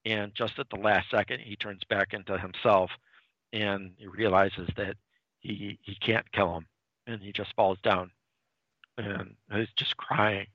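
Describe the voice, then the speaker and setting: A man's voice: on the low side, measured pace, no echo, highs cut off. A man casually recapping a comic book plot on a podcast, rambling with restarts and acting out lines. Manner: animated, dips into quoted character lines. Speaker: podcast co-host.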